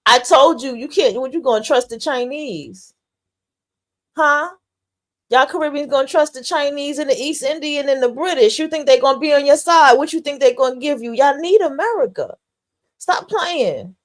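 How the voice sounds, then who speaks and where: A woman's voice: high-pitched, moderate pace. A woman hosting a podcast, giving blunt, profane live reaction commentary in loose slang. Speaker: podcast host.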